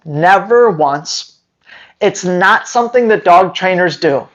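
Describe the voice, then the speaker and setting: A man's voice: high voice, lively intonation, takes it slowly, fairly bright tone, lo-fi sound. A dog trainer talking to his viewers in a casual, sarcastic rant, with emphatic, rambling delivery. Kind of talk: casual opinion rant to camera.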